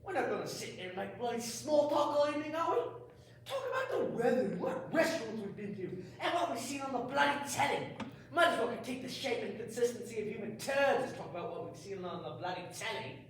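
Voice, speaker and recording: A morbid, swearing drunk man who grumbles about everything, played by a woman on stage. The voice sits high and swings widely in pitch. It is picked up from far off in a very echoey hall. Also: big pitch swings, quick pace, a little hiss or hum. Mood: grumbling. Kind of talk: amateur stage comedy.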